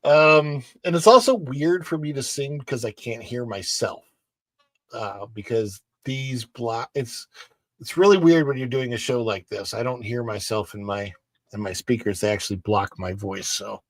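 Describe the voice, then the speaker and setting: Podcast co-host, man, middle pitch, rambling chat, dry studio sound. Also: animated, moderate pace, creaky, no room sound. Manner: rambling, with many fillers and restarts. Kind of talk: casual chat and reading news. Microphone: studio mic.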